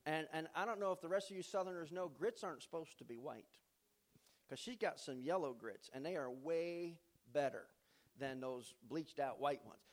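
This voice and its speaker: A man with a high-pitched voice preaches a sermon in a church. He tells stories in a folksy, joking way, then rises into emphatic preaching. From not from the American South. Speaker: pastor.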